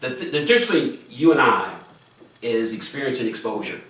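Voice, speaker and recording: A man's voice: medium pitch, expressive, brisk, fairly bright tone. An older man, a physician and medical school dean, telling stories earnestly and at length in an interview. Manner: earnest, anecdotal, explains at length. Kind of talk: interview storytelling. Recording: echoey room, distant mic, faint noise.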